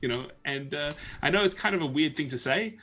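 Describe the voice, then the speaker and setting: A man's voice: fairly high pitch, lively intonation, a little fast, pushed and bright, faint music behind. Rambling Australian man, light accent. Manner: rambling storyteller, many fillers. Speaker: co-host. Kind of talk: casual chat.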